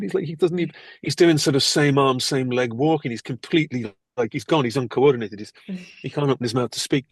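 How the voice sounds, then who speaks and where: An older man, an actor, telling lively anecdotes in an interview and acting out the people he quotes. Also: medium pitch, gravelly, slightly rough, no room sound. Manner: animated, acts out quoted people. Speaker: actor guest.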